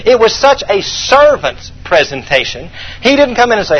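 A man's voice: high-pitched, very animated, moderate pace, slightly rough, highs cut off. A man preaching a sermon as pastor, emphatic and repeating his key points for the congregation to write down.

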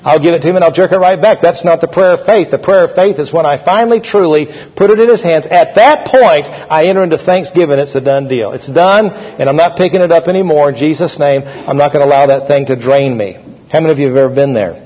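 Husky-voiced pastor preaching in a hall. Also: male voice, a little high, brisk. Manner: conversational preaching with call-and-response. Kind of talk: sermon. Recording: dull, echoey hall recording.

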